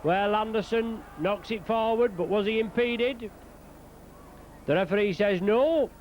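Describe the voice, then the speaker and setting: A man giving live play-by-play commentary on a rugby league match outdoors, calling out player names in quick bursts and lifting his voice at scoring moments. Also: high voice, lo-fi sound, a little hiss or hum.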